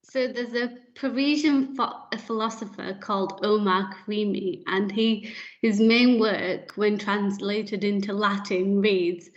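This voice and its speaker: Slow, tearful young woman. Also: mid-range voice, steady tone. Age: young adult. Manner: tearful, halting, with many fillers. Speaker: young care leaver addressing the board. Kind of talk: reading a prepared thank-you speech. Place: council meeting room. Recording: slightly muffled livestream audio.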